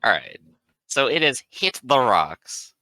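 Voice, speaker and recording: A man's voice: mid-range voice, big pitch swings, takes it slowly, pushed and bright, dry recording. A man playing in a tabletop game, joking around playfully. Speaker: player. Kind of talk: casual game chat.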